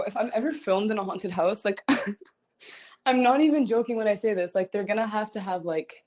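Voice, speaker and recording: A young woman, a singer hosting a livestream, chatting casually and telling a story in an animated, rambling way, giggling often and repeating herself. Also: medium pitch. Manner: frequent giggling. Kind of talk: casual chat.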